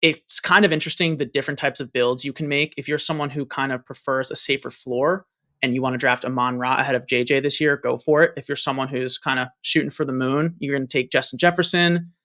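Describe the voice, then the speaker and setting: A man's voice: medium pitch, bright, forceful tone. A man who is a guest analyst in a casual sports chat, confidently laying out his reasoning point by point.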